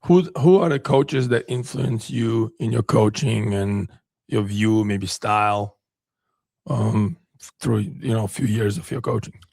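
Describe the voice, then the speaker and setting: A man's voice: fairly low pitch, measured pace, creaky, a little mellow, slightly rough, no room sound. A man co-hosting a podcast who asks brief, friendly interview questions and adds short asides. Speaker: podcast co-host and coach.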